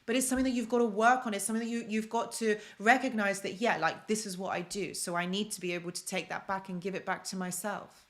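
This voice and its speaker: A woman's voice: mid-range voice, steady tone, quick pace, few pauses. A young woman from London hosts a casual self-help live stream, chatting and repeating phrases for emphasis while she answers viewer comments.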